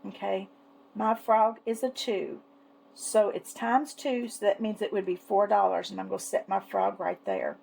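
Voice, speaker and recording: A woman chatting casually as she shows off her savings challenges, fond and unhurried, with lots of little fillers. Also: medium pitch, expressive, vocal fry, a little mellow, low-quality recording. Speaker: savings challenge seller and vlogger. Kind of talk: casual product show-and-tell.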